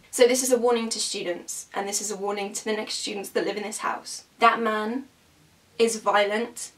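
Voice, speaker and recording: A woman's voice: mid-range voice, far from the mic. A young woman, a student telling an agitated, emphatic story in a storytime vlog. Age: young adult. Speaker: student vlogger.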